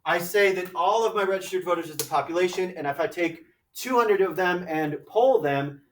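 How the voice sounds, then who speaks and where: A man teaching a high school math class, lecturing conversationally and often checking in with "right?" and "okay?". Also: normal speed, fairly bright tone, far from the mic. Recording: echoey classroom, mic from afar.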